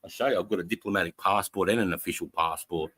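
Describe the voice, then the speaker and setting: An Australian man, a podcast host, telling a profane, animated story in a casual chat, acting out the voices of the people in it. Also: deep voice, fast, breathy edge, no room sound, rough recording.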